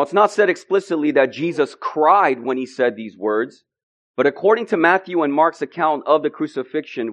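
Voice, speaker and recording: Earnest male preacher. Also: fairly high pitch. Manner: earnest preaching, rising to emphatic declarations. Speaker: pastor. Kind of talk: sermon.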